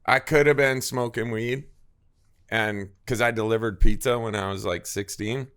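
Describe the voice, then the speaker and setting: A man co-hosts a casual podcast and tells his stories in a relaxed way, often laughing. His voice is bright and forward, with an easy, unhurried delivery. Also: medium pitch, clean tone. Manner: laid-back, laughing, swears casually. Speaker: podcast co-host. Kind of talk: casual chat.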